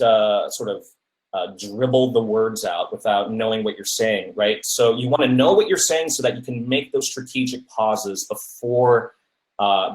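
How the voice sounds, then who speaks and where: Man giving speaking tips in a roomy echo. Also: medium pitch. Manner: many fillers and restarts, asks "right?" often. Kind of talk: casual advice talk.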